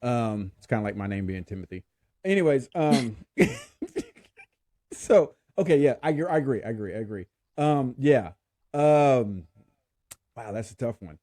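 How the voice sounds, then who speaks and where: A man's voice: medium pitch, very animated, unhurried, long pauses, dark tone, no echo, studio quality. A man hosting a podcast in casual chat, laughing often and stumbling over his words. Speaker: podcast host.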